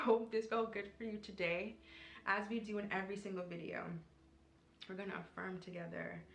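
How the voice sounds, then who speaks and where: A woman talks to her viewers in an earnest, affectionate way, repeating affirmations slowly as she vlogs. Her voice sits low and has a gravelly, creaky edge. The room around her gives the sound a clear echo. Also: a bit bright. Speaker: spiritual vlogger and card reader. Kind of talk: heartfelt direct-to-camera vlog talk.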